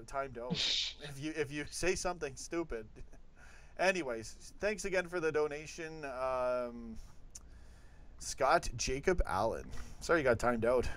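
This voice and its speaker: A man's voice: medium pitch, a bit bright, clean tone. A man from Canada hosting a live football chat stream, chatty as he reads out donations and chat messages. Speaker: host.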